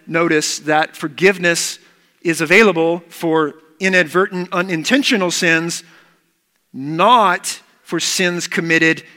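A man's voice: on the high side, sharp tone, long reverb tail. A man preaching a sermon as pastor, earnest and emphatic, repeating key words.

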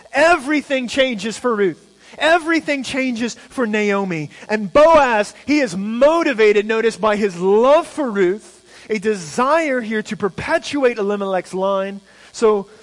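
A man's voice: high voice, long reverb tail, low-quality recording. A man preaching a sermon, emphatic, asking rhetorical questions and repeating words as he goes. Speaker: pastor.

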